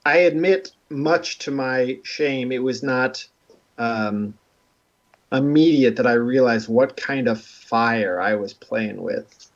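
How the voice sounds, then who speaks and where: A man of middle pitch chatting casually on a livestream, rambling through his story with halting restarts and poking fun at himself. The sound is muffled and lo-fi. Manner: rambling, self-deprecating. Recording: dull lo-fi stream audio.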